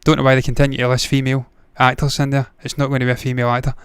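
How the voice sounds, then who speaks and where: A man's voice: medium pitch, monotone, racing, smooth, no room sound, clean studio sound. A man hosting a movie news livestream, giving blunt, opinionated takes with frequent swearing. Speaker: movie news show host. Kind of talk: casual livestream commentary.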